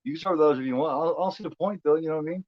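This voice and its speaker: A man's voice: a little high, racing, no room sound, muffled recording. A man from Indiana with a Midwestern American accent, hosting a movie watch-along stream in loose casual chat, rambling and repeating his words. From United States.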